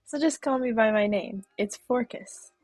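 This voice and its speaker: A woman's voice: fairly high pitch, moderate pace, a little mellow, no echo, faint music behind, lightly acted. Forcus, a woman reading a cocky angel. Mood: boastful. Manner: boastful, teasing, breezy. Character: cocky male guardian angel, old-man energy. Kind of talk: reading game dialogue aloud.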